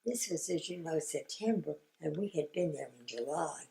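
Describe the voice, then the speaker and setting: An older woman with a low, mellow voice tells family memories in a halting, reflective way, often sinking into a near whisper. The recording carries a roomy echo. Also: lively intonation, vocal fry. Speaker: grandmother recalling family history. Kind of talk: oral history interview.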